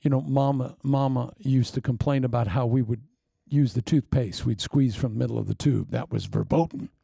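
A man preaching a sermon with wry, self-mocking humor, swinging from loud emphasis down to hushed asides. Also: mid-range voice, fairly even intonation, moderate pace, creaky, breathy edge, no room sound, studio quality. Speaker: pastor.

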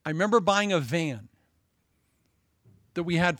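A man preaching with a high, lively voice that swings widely. He jokes through his sermon with a lot of energy. The sound is dry and close. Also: a little slow, pauses often, dry recording. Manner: animated, joking, with frequent laughs.

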